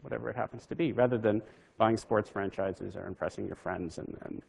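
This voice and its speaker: A man's voice: lowish voice, a little fast, gravelly, a little mellow, slightly rough. A physicist telling a wry anecdote from his career in a conversational talk to an audience.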